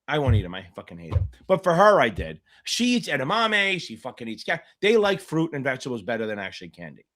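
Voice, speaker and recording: A middle-aged man tutors exam candidates in a live-streamed Q&A, speaking fast in a mid-range, somewhat bright voice with huge swings in pitch. He's blunt, profane and provocative, drifting into rambling side stories.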